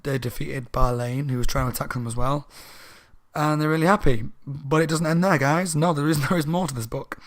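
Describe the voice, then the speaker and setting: A man's voice: on the high side, fairly even intonation, fairly quick. A slightly drunk man casually recapping a children's horror book for his channel, rambling and correcting himself as he goes. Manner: rambling, chatty, self-correcting. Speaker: book reviewer, channel host.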